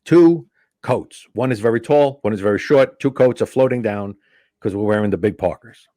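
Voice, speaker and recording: Man, comedian guest, storytelling, lowish voice, dry sound. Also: brisk, dry recording. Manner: animated anecdote teller acting out quoted dialogue. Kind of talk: casual storytelling.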